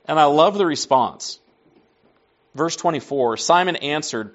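A man preaching a sermon in a conversational storytelling way, acting out dialogue and dropping to soft asides. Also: fairly high pitch, expressive, unhurried, pauses often, lo-fi sound.

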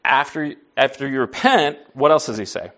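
A man's voice: mid-range voice, normal speed, fairly bright tone, lo-fi sound. A man preaching to a class in a conversational teaching style, folksy, asking the group questions and answering them himself. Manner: folksy, says y'all and like.

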